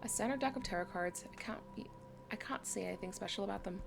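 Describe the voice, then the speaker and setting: Over background music, a woman chats casually through a let's-play, reading item text aloud as she goes. Her medium-pitched voice is fast and creaky.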